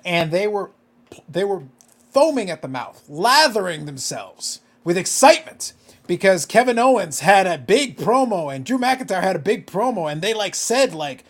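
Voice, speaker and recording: A man's voice: high-pitched, very animated, moderate pace. A man co-hosting a casual podcast chat, ranting with profanity and disbelief. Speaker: podcast co-host.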